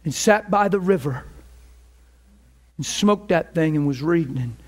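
A man giving an informal sermon, telling stories with repeated words and rising to excited peaks. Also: a little high, a little slow. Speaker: preacher.

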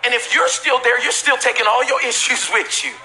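A man preaching a sermon as pastor to a live church congregation, emphatic and repetitive with bursts of shouting and casual joking asides. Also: very high voice, steady tone, a little fast, vocal fry, a little hiss or hum.

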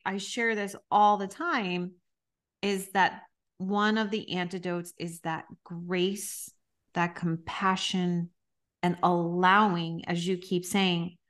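A woman's voice: lowish voice, flat delivery, slow pace, fairly bright tone. A middle-aged woman hosting a podcast, talking frankly and emphatically, with the odd mild swear. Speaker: podcast host and coach. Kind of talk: conversational podcast talk.

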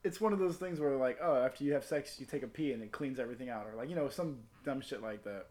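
A man's voice: medium pitch, fast talker, darkish tone. Male podcaster, rambling crude storyteller, casual and profane.

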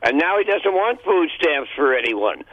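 A man's voice: on the high side, sing-song, moderate pace, fairly bright tone, no room sound, poor audio. An older man, calling in to a radio show and telling rambling stories with lots of laughs. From New York. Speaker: regular caller. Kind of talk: casual radio call-in chat.

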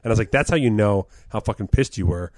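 A man co-hosting a comedy podcast, rambling casually with profanity, trailing off quietly. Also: lowish voice, fast, no room sound. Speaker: podcast co-host.

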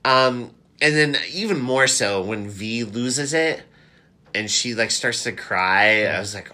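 A man chatting casually as a podcast co-host, animated and quick to act out characters' lines. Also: medium pitch. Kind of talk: casual chat recapping a TV episode.

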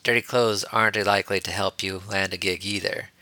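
A man's voice: low-pitched, steady tone, brisk, sharp tone, no room sound. A man reading an audiobook, voicing a blunt, irreverent young male wizard who talks in a bland, dismissive way.

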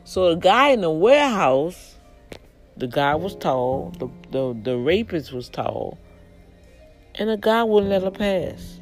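Woman telling a story all animated, jumps way up in pitch when she acts people out, faint music behind. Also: slow, rough recording. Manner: religious asides. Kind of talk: casual spoken retelling of a story.

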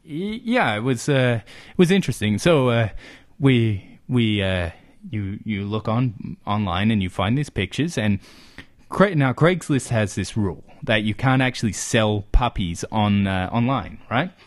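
An Australian man hosting a comedy podcast tells a rambling story packed with fillers and rhetorical questions in casual comedic chat. His voice is on the low side, expressive and unhurried.

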